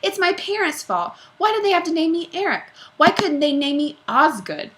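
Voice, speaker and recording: Frightened storybook schoolboy voiced by a woman, high and whiny. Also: sing-song, normal speed, background noise. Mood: scared. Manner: whiny, fretful.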